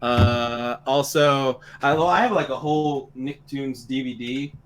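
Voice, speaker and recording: A young man co-hosting a casual podcast, telling stories in a profane, animated, ranting way. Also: mid-range voice, a little slow, background noise. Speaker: podcast co-host.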